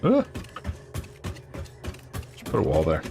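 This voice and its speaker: A man giving relaxed, casual commentary as he plays a factory-building game, thinking aloud while he builds. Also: very deep voice, slow pace, vocal fry, soft background music. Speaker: streamer.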